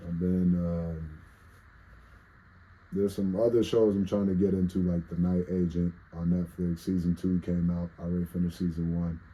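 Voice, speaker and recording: A man's voice: low voice, level tone, moderate pace, mellow, slightly rough, rough recording. A congested man with a nasal voice, telling a rambling, profane story in a casual monologue. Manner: rambling, profane, self-interrupting. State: congested with allergies. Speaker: vlogger telling stories.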